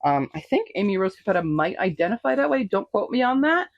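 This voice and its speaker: A woman's voice: mid-range voice, big pitch swings, quick pace, muffled recording. A woman vlogging casual book recommendations to camera, chatty and upbeat with frequent ums and asides.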